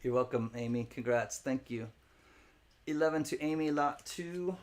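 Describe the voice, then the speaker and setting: This coin-auction host speaks at medium pitch and a moderate pace in a slightly mellow voice, with a little hiss or hum on the audio. He greets viewers by name, calls bids, cracks jokes between lots, laughs often, rambles, and spells words letter by letter for fun.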